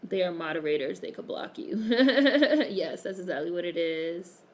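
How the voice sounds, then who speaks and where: A woman's voice: on the low side, expressive, unhurried. A woman hosting a casual live stream, chatting and reading viewer comments aloud, swearing freely and laughing often.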